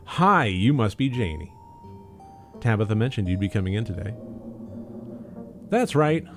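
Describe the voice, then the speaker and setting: A man's voice: on the low side, sing-song, unhurried, faint music behind. A man voicing a chipper, over-eager young woman housecleaner who gushes and chatters. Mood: bubbly. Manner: bubbly, gushing.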